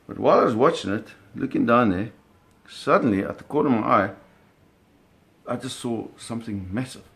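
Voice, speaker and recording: A man telling a personal story in an animated, vivid way, often restarting his phrases. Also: mid-range voice, a little fast, gravelly.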